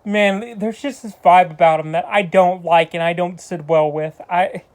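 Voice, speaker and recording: A man with a fairly high voice talks through a casual movie review. He rambles, trips over his words and restarts his sentences often, drifting into loose asides as he goes. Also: fairly even intonation, normal speed. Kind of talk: casual spoken film review.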